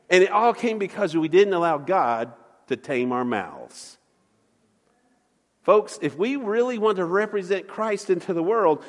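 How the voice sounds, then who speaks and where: Folksy preacher in a reverberant church. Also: male voice, high voice. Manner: folksy preaching, acts out voices in stories. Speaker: pastor. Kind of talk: sermon. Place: church sanctuary.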